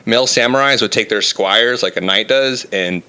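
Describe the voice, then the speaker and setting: A man's voice: fairly low pitch, moderate pace, sharp tone, clean tone. A young adult man, a comedian guest in a casual chat, loose and self-mocking, who laughs often.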